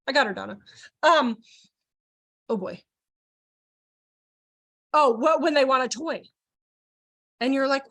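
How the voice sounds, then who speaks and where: A woman leading an online child care training, animated and laughing often as she acts out voices. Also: sits high, slow pace, long pauses. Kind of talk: live online training presentation.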